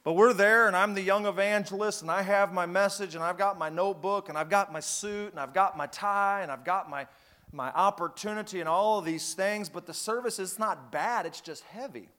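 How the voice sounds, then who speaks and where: A high-voiced man preaches a sermon. He talks like a storyteller and climbs into loud, fervent outbursts. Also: brisk.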